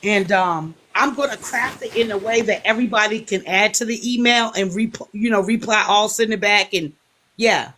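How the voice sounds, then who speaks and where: A woman from New Jersey, briskly organizing plans on a casual group call. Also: mid-range voice, bright, forceful tone, a little hiss or hum.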